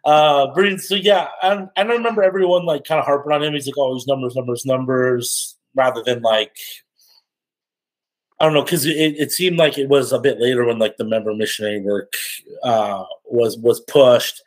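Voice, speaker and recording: A podcast guest telling stories in a casual, animated, slangy way, often laughing. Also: male voice, mid-range voice, normal speed, poor audio. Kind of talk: casual storytelling.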